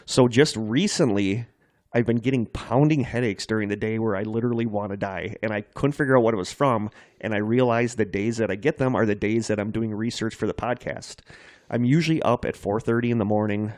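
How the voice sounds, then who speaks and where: Male podcast co-host, low-pitched, casual and self-mocking storyteller, dry studio sound. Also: fairly quick, a little mellow, no room sound. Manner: self-deprecating, rambling storyteller. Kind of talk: casual chat.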